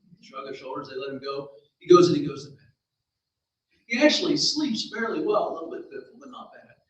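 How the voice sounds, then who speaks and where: A man's voice: on the high side, very animated, brisk. A man telling a folksy story aloud at a library event, with chatty asides to his listeners. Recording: very echoey room, distant mic.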